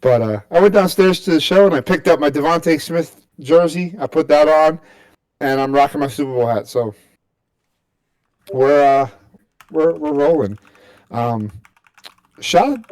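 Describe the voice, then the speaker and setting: A man's voice: a little high, moderate pace, a little mellow, no room sound. Rambling male sports podcast co-host. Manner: rambling, many fillers and restarts. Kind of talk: casual sports podcast chat.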